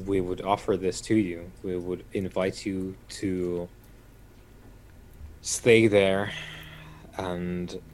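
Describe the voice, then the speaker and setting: A man's voice: sits low, level tone, takes it slowly, pauses often, a little mellow, a little hiss or hum. A man playing a tabletop game in character, speaking in a formal, diplomatic way. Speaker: player. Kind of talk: in-character role-play.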